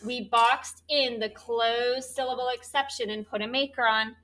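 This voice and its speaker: A woman teaching a third grade spelling lesson, spelling words out slowly and clearly letter by letter. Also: on the high side, fairly even intonation, pushed and bright.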